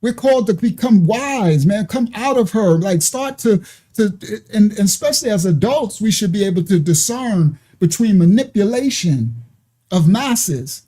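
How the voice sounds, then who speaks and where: Mellow-voiced man preaching commentary. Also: sits high, animated, moderate pace. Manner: preachy, conversational, with frequent asides and checks like "you understand?". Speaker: online ministry commentator. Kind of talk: commentary reacting to played clips.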